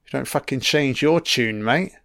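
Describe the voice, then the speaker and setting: A man doing a casual, profane film commentary, heckling the characters on screen, his throat a little croaky from illness. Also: mid-range voice, moderate pace, bright, forceful tone, no room sound, studio quality. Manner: profane, talks back at the screen.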